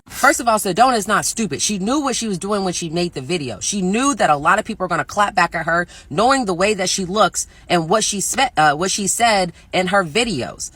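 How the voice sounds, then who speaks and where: Woman, blunt profane ranting commentator, bright forceful tone. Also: breathy edge, dry recording. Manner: blunt, profane, mocks others in high sing-song voices. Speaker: reaction video creator.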